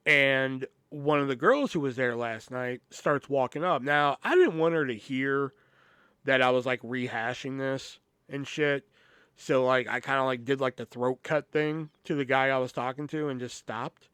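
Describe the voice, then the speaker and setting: A man's voice: medium pitch, moderate pace, a bit bright, clean tone, no echo, clean studio sound. A man hosting a podcast, telling a story in a casual, profane, rambling way with lots of "you know". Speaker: podcast host.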